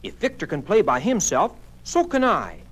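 A man's voice: sits high, wildly swooping pitch, moderate pace, voice pushed up, exaggerated voice. A man voicing an eager, bragging male clarinet in a children's story. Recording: music playing behind.

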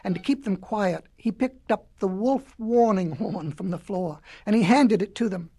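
A woman reading a children's story aloud in an expressive, folksy way. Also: mid-range voice, moderate pace, husky.

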